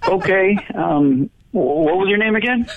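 A man's voice: high-pitched, lively intonation, normal speed, phone-quality sound. A man managing a restaurant, polite and patient as he tries to wind down a call.

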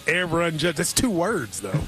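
A man's voice: on the high side, sing-song, pushed and bright, soft background music. A man hosting a sports radio show, chatting casually and joking about betting picks. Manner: joking, offhand, quick asides.

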